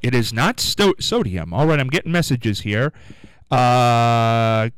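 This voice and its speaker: Lively radio host with a strained throat. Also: male voice, mid-range voice, slow, clear, resonant tone, no room sound, rough recording. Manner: lively, upbeat, sing-song when rejecting guesses. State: throat going hoarse. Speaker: radio call-in show host. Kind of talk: casual live radio quiz chat. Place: radio studio.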